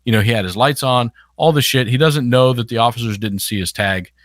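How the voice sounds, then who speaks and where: Podcast co-host, male, mid-pitched, loose rambling commentary, dry close mic. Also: brisk, a bit bright, no room sound. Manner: rambling, many restarts. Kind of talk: casual commentary over video clips.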